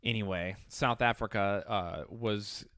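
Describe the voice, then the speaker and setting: A man co-hosting a podcast in casual chat, excitedly explaining history facts and laughing often. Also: fairly low pitch, clear, resonant tone, dry recording, clean studio sound. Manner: animated, laughing, quick to lecture on history. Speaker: podcast co-host.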